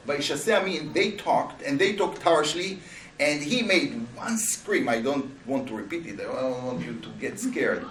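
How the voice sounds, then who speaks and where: Animated rabbi, lively high voice. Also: male voice, normal speed. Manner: animated, rhetorical questions to students. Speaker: rabbi teaching a Bible class. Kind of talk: Torah class lecture. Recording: roomy, voice from a distance.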